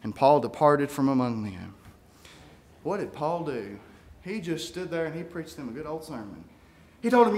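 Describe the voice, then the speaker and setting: A man preaching a sermon, reading scripture aloud and swinging from quiet musing to shouted peaks. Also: on the high side, expressive, normal speed. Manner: reads scripture aloud in King James wording.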